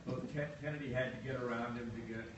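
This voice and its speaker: A man moderating a lecture, asking questions in a measured way with pauses. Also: mid-range voice, fairly even intonation, muffled recording. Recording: very echoey hall, far from mic, noisy.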